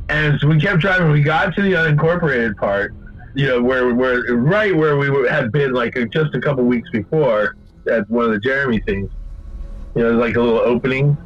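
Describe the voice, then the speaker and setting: A man telling a long story in casual chat, rambling and swearing a lot, getting animated when he quotes people. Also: medium pitch, moderate pace, lo-fi sound.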